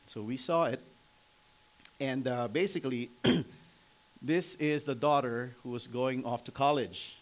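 A man in his forties preaching a sermon, telling family stories conversationally, asking the congregation questions and often clearing his throat. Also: medium pitch, moderate pace, low-quality recording. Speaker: pastor.

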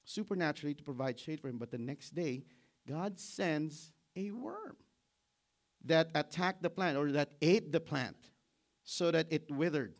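Animated preaching man, fairly high voice. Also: measured pace. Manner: animated, acts out biblical characters with laughs. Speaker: pastor. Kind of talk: sermon.

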